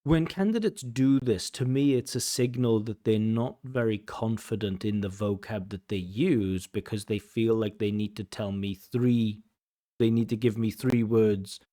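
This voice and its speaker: With a lowish, dark voice, this man gives examiner commentary on a speaking test as an IELTS examiner and teacher. He's emphatic, explaining errors, repeating words to stress them, and slowing to drive points home.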